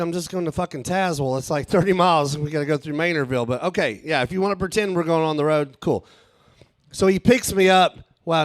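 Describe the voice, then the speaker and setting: A man, telling a profane, animated stand-up story at a live show. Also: on the high side, dry recording. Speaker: stand-up comedian. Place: live show with a small audience.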